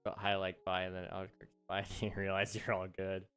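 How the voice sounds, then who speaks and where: A man's voice: low voice, monotone, fairly quick, a bit bright, smooth, faint music behind. A young man hosting a live gaming stream, chatting casually, laughing often and answering his chat aloud. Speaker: livestream host.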